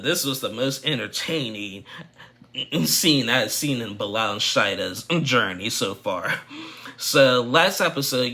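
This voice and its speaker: A man's voice: fairly low pitch, sharp tone. A man giving a casual, opinionated recap of a reality show, rambling with frequent restarts.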